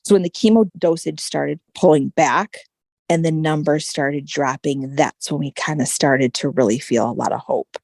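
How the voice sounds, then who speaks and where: A woman guest telling a personal story in casual conversation, animated and full of "like" and "right?" fillers. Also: deep voice, normal speed, vocal fry, no echo, clean studio sound. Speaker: podcast guest.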